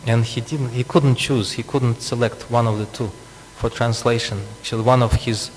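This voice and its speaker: A man's voice: mid-range voice, fairly even intonation, moderate pace. A man preaching a scripture class, explaining with asides and frequent chuckles. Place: temple hall. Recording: long reverb, faint hum.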